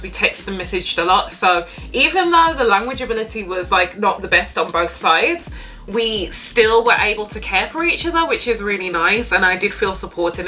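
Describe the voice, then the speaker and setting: Bright, candid woman vlogger. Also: mid-range voice. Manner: candid, animated, swears freely. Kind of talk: casual storytime.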